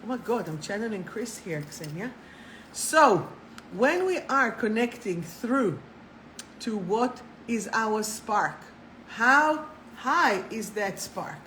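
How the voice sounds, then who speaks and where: A woman hosting a live spiritual talk, chatty and animated, swearing casually and laughing at herself. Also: mid-range voice, takes it slowly, slight background noise, low-quality recording. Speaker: spiritual coach and live show host.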